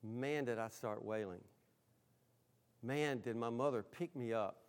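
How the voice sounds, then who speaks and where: Man preaching with wide swings in loudness. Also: medium pitch, unhurried, clean tone. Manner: talks directly to the congregation. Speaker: pastor. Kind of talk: sermon.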